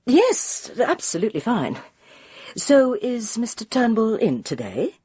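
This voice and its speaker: A woman's voice: a little high, wildly swooping pitch, a little slow, warm tone, husky, dry recording, studio quality, voice pushed up, exaggerated voice. A woman voicing a tactful, tentative middle-aged woman in an audiobook.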